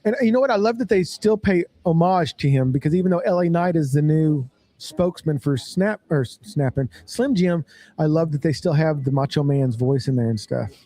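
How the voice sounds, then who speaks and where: A man's voice: a little high, fairly quick, dark tone. A man co-hosting a podcast, chatting casually and cracking jokes. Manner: jokey, chatty, puts on mock accents. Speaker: podcast co-host. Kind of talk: casual chat.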